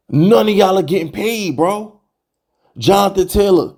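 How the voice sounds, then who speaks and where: A young man hosting a sports fan channel, ranting to camera in an exasperated, animated way, full of rhetorical questions and repeated jabs. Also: sits high, moderate pace, creaky. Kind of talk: heated fan rant to camera.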